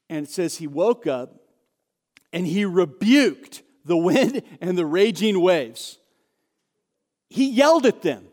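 A man preaching a sermon, telling the story in an animated, conversational way and acting out the dialogue. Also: sits high. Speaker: pastor. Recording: long hall reverb.

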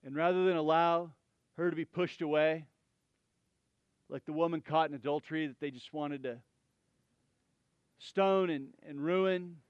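A male pastor preaching a sermon, animated and conversational, with chatty asides to the congregation. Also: on the high side, smooth, no room sound.

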